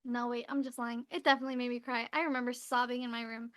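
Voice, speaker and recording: A woman's voice: a little high, flat delivery, fast talker, a bit bright. A woman co-hosting a casual podcast, chatty and retelling scenes while acting out the lines. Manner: chatty, acts out quotes in retelling. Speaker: podcast co-host. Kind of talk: casual chat.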